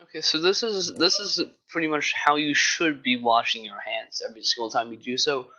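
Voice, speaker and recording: Bright-voiced man on a muffled call. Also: medium pitch. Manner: polite, slightly hesitant. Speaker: troop safety officer. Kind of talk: virtual meeting remarks. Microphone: video call. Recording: dull, muffled call audio.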